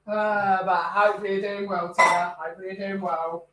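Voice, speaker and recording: A man's voice: high-pitched, level tone, normal speed, background noise. A man chatting casually on a live stream, rambling with lots of fillers.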